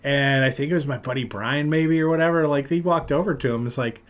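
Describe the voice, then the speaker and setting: List: man, podcast host, casual storytelling, animated, mid-pitched voice, loud quoted outbursts. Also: fast talker. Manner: animated, acts out loud quotes of other people.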